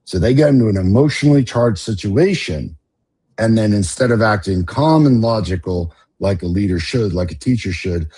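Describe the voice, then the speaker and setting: A man's voice: on the low side, expressive, normal speed, mellow, husky. A middle-aged man hosting a podcast, talking in a passionate, profane rant that builds to emphatic outbursts. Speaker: podcast host.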